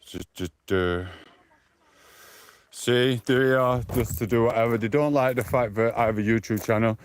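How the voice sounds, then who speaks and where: A smooth male voice of medium pitch and normal speed comes from a British man from the UK. He walks outdoors along streets, live-streaming on his phone and rambling defensively to the people watching.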